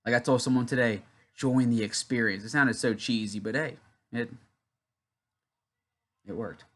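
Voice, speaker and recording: A man's voice: medium pitch, moderate pace, fairly bright tone. A young man from Louisiana hosting a casual wrestling watch-along, rambling and chatty as he tells a story between comments on the match. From Louisiana, USA. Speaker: YouTube wrestling channel host.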